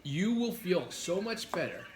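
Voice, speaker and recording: A man's voice: high-pitched, big pitch swings, unhurried, a crowd in the background. A man chatting casually while eating on a home video, joking crudely and rambling through his advice. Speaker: mukbang vlogger. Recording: roomy with clear background noise.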